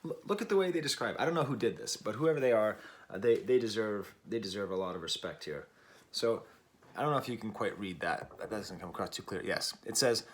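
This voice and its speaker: Talking fast with lively intonation at a medium pitch, an American man from the United States reviews records on his own show. It's a casual album review where he thinks out loud, digresses, and gropes for the right words.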